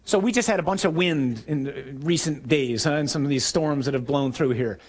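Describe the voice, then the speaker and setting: A man preaching a sermon, telling stories vividly and acting out shouted lines. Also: a little high, normal speed. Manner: animated storytelling, acting out shouts.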